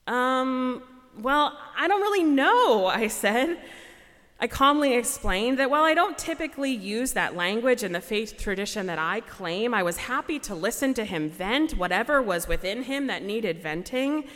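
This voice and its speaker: A woman pastor giving a sermon in a measured, reflective way with a gently wry touch. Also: a little high, expressive. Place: church sanctuary. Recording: long reverb of a large church.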